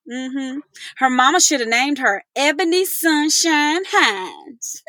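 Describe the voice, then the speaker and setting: A woman hosts her podcast in an effusive, chatty way, with laughter scattered through her talk. Her voice sits a little high and rings bright. The recording is close and dry. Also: dry recording. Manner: effusive, laughing, calls listeners y'all. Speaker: podcast host. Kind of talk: casual podcast chat.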